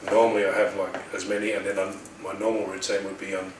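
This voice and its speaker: A middle-aged Australian man casually telling a personal story in a rambling, animated way, acting out the voices of the people in it. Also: low-pitched, fast talker, echoey room, distant mic, noisy background. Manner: rambling, animated retelling with quoted dialogue. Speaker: healer telling his story.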